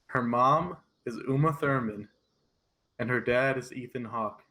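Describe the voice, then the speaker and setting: Relaxed man chatting about a film. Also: medium pitch, a little slow, rough recording. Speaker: podcast co-host. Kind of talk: casual film review chat.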